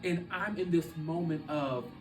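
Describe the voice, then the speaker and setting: A man telling a deeply personal story as a podcast guest, speaking earnestly with halting restarts. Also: reverberant, distant mic, music in the background, low-quality recording.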